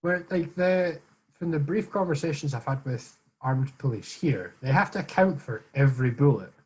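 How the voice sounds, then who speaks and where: A man co-hosting a casual podcast, quick and emphatic in his talk. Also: fairly high pitch, animated, darkish tone, slightly rough. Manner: quick, emphatic, laughs often. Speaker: podcast co-host. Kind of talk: casual banter.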